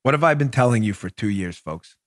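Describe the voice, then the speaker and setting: A man hosting a political talk show, delivering an emphatic, animated monologue full of rhetorical questions. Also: lowish voice, a little fast, no echo, clean studio sound.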